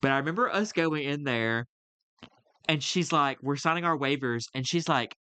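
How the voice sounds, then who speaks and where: A young man co-hosting a casual podcast, rambling through a story full of "like"s and restarts. His voice is smooth and resonant. It is recorded close and dry, with no room sound. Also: on the high side, normal speed, bright, forceful tone, no room sound. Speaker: podcast co-host. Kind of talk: casual chat.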